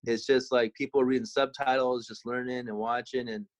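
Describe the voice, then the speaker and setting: A man's voice: mid-range voice, moderate pace, poor audio. Guy in his 30s just chatting on a podcast, loose and rambly, um's everywhere. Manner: relaxed, rambling with many fillers. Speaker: podcast co-host. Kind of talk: casual chat.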